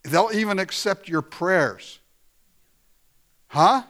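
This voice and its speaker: A man's voice: fairly high pitch, lively intonation, a little slow. A man preaching a conversational sermon, often laughing and acting out quoted lines. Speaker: pastor.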